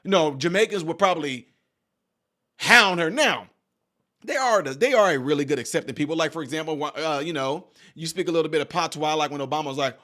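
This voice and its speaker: A man's voice: a little high, a little fast. A man hosting his own channel, giving casual, jokey political commentary full of asides. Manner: animated, digressive, jokey. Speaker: channel host.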